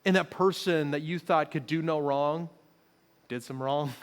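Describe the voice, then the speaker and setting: A male pastor delivers a relaxed, joking sermon, slipping into animated voices when he quotes people. His voice sits somewhat high for a man. Everything rings out with the long reverb of a large church auditorium. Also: unhurried. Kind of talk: conversational sermon.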